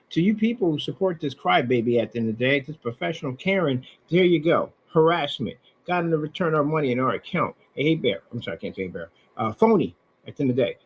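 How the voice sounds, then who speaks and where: A man with a medium-pitched, slightly rough voice, captured on a rough recording, rants mockingly and sarcastically about emails and receipts. He's an online seller addressing the customer he's angry with directly, repeating things scornfully.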